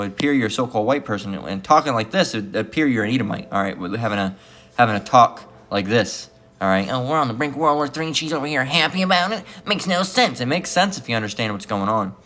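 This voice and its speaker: A man's voice: on the low side, a bit bright. A man giving rambling religious commentary, full of repeated fillers and restarts.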